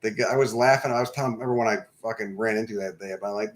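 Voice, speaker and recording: A man's voice: on the low side, rapid-fire. A man in his thirties hosting a livestream. He chats casually, swears freely and drifts from topic to topic in a laid-back way. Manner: profane, digressive, laid-back storyteller. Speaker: livestream host. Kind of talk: casual rambling live-stream chat.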